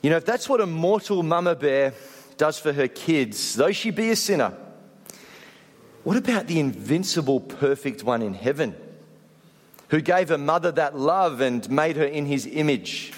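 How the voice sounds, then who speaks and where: A man preaching a sermon, animated in his stories and dropping soft to stress a point. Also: fairly high pitch, normal speed, in a large hall. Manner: animated storytelling, drops soft for emphasis. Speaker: pastor.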